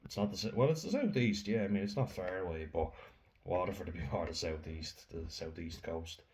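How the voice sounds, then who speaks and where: A man's voice: sits low, brisk, a little mellow. Tired, chatty Irish young man. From Ireland. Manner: chatty, rambling, many fillers. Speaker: vlogger. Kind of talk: casual chat to camera.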